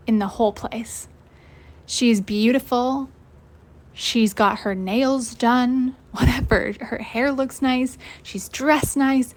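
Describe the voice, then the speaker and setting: A young adult woman hosting a motivational coaching lesson, casual and energetic, swearing freely and laughing often. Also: fairly high pitch. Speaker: host and life coach.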